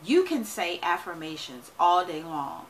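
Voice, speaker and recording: A woman who works as a money and wealth coach talks casually to her viewers, energetic and emphatic, often checking in with "right?". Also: lowish voice, unhurried, slight background noise, low-quality recording. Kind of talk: casual vlog talk to camera.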